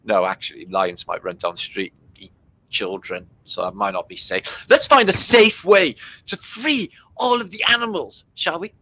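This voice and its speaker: Here the British host's mid-range voice moves at a moderate pace, pushed and bright on a rough recording. His livestream chatter is casually mocking, with sarcastic jokes and goofy put-on voices.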